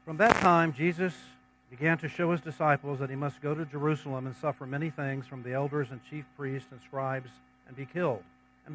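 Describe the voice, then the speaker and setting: A male preacher whose voice sits a little higher than most men's. He reads scripture aloud and then explains it in a plain, conversational way. A faint hum runs underneath. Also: fairly bright tone, poor audio. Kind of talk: sermon.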